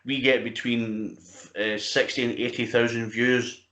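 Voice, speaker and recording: A man's voice: medium pitch, little pitch movement, unhurried, a bit bright. A man in his fifties hosting a music interview, chatty and full of stories. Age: 50s. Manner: chatty anecdotal storyteller, frequent restarts. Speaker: interviewer, music media host. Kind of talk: casual interview chat. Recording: roomy, dull lo-fi sound.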